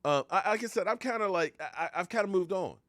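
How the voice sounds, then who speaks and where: A man's voice: high-pitched, expressive, fast, a bit bright, dry recording, clean studio sound. Chatty man hosting a sports stream. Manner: chatty, rambling, reacts to viewer comments, swings into mock heartbreak. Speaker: live-stream sports talk host. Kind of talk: casual live-stream chat.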